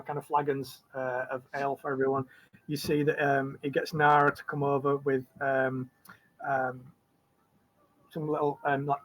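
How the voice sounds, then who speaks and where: A man's voice: mid-range voice, low-quality recording. A man narrating a tabletop game as game master. He rambles and fills his talk with ums, likes and restarts. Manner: rambling, full of fillers and restarts.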